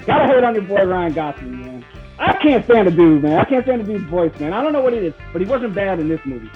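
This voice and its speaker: A man's voice: sits high, sing-song, fast talker, faint music behind. A man co-hosting a casual movie-review podcast, often stammering and repeating words as he talks. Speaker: podcast co-host. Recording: dull lo-fi podcast audio.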